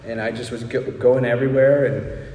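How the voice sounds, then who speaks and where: A man's voice: medium pitch, steady tone, normal speed, mellow. Recovery speaker, man, 30s, loose and confessional, constantly asking "right?", recorded at a distance in a roomy hall with faint background noise. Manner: candid, rambling, frequent "right?" asides. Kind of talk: personal recovery talk.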